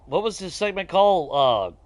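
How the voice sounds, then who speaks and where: Profane, animated man ranting. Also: sits high, moderate pace, no echo. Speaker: gaming streamer. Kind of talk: casual ranting chat over gameplay.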